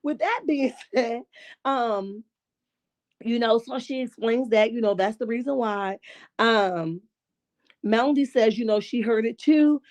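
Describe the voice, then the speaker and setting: A woman hosting a reality-show recap, talking in a casual, sassy and profane way, her voice a bit raspy this morning. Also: on the high side, measured pace, a little mellow. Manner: sassy, profane, rhetorical asides with "okay?" and "right?". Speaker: reality TV commentary host.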